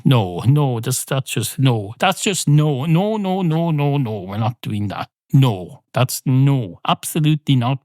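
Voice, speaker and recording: A man's voice: medium pitch, sing-song, slow, no room sound, studio quality. A man hosting a podcast, rambling through a playful comic monologue, often cutting himself off and swearing freely. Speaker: podcast host.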